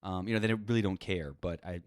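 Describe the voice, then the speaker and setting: A fast-talking man with a lowish voice, ranting solo in a loose, profane, exasperated way. He rambles through fillers and restarts. The sound is close and dry. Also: dry recording. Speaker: podcast host. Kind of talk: casual solo rant.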